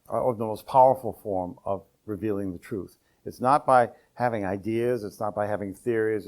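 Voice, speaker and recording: A man, an enneagram teacher, explaining principles in a calm, measured cadence. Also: medium pitch.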